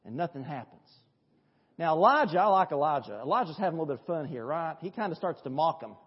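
A man's voice: a little high, fast talker, breathy edge. Male pastor, storytelling sermon, dull lo-fi church recording with a long hall echo. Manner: lively storytelling, conversational, with rhetorical questions. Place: church sanctuary.

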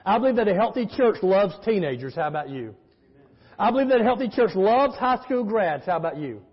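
Husky-voiced preaching pastor in echoey sanctuary. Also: male voice, sits high, sing-song, fairly quick. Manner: emphatic preaching with call-and-response and storytelling. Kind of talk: sermon. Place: church sanctuary. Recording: echoey hall, muffled sound.

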